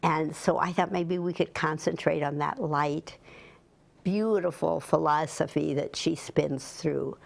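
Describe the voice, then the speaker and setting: Gravelly-voiced enthusiastic woman. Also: deep voice, a little slow. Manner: enthusiastic, gushing. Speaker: poetry class leader. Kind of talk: interview chat.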